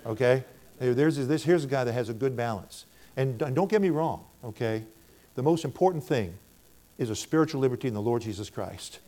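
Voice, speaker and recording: A man's voice: medium pitch, animated, brisk, mellow. An older American man preaching, telling stories from his ministry and acting out both sides of the conversations. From United States. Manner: storytelling, acts out both sides of conversations in a raised voice. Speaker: minister speaking to a church. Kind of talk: preaching testimony.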